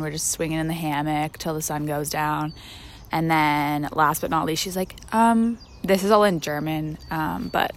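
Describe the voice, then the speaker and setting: A young woman talks straight to camera in a relaxed storytelling vlog, full of "like" and "um" as she goes. Her voice sits low for a woman. A faint background hiss runs under the talk. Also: gravelly. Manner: chatty, lots of fillers and "like". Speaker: vlogger.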